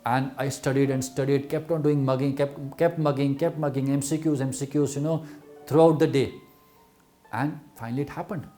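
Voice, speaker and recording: A man's voice: mid-range voice, steady tone, normal speed, warm tone, faint music behind. A middle-aged man with an Indian English accent giving an earnest motivational talk to exam students, repeating words for emphasis. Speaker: medical exam coach.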